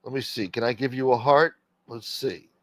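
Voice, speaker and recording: A man hosts a loose livestream chat, wandering from topic to topic and cursing as he reads comments from his viewers. His voice sits at an ordinary middle pitch. It is recorded close and dry, with almost no room sound. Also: steady tone, moderate pace, a bit bright, dry recording. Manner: rambling, profane, reads chat aloud. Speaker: livestream host.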